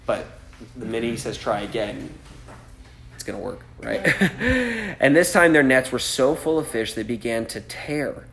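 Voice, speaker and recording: A male pastor delivers a sermon in a chatty, easygoing way, at an ordinary middle pitch. He keeps checking in with his listeners and slips into quick acted voices for the people in the story. The sound carries the echo of a roomy space. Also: vocal fry, a bit bright. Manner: casual preaching, frequent "right?", acts out voices with laughs. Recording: echoey room.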